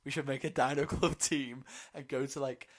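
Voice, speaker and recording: A man co-hosting a climbing podcast, chatting in a relaxed, slangy way. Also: mid-range voice, normal speed. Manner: laid-back, chatty, slangy. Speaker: podcast co-host. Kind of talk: casual podcast chat.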